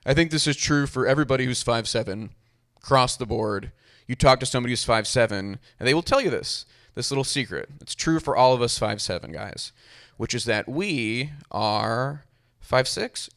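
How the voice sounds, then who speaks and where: A man's voice: mid-range voice, expressive, normal speed, fairly bright tone. A young man doing a stand-up comedy set with a dry, self-deprecating delivery. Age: young adult.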